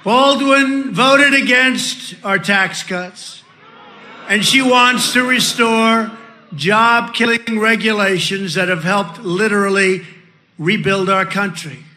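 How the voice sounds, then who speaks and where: A man giving a political rally speech, introducing candidates in a boastful, repetitive, ad-libbing way, shouting his punchlines. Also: sits high, fairly even intonation, slow pace, a little hiss or hum.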